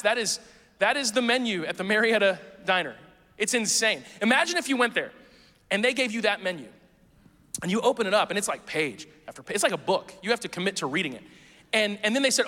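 Male pastor, high and bright, casual and jokey at the pulpit, recorded in a reverberant sanctuary. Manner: conversational and playful, with quick asides to the congregation. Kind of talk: sermon. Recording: long hall reverb.

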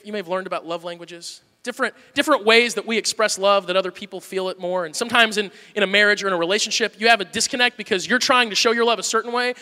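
A man preaching a sermon in a church, candid and self-deprecating, moving between hushed talk and shouting. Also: sits high, big-room sound. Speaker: pastor.

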